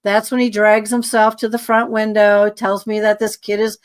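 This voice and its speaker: A woman's voice: medium pitch, little pitch movement, moderate pace. A woman guest telling a story in casual conversation, acting out dialogue with lots of fillers and sounding tired. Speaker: podcast guest.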